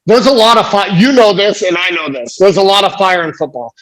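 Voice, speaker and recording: A man's voice: high-pitched, fairly quick, a bit bright, rough recording. A man from the United States, a guest on a podcast, talking in a fired-up, emphatic way with frequent swearing in casual chat.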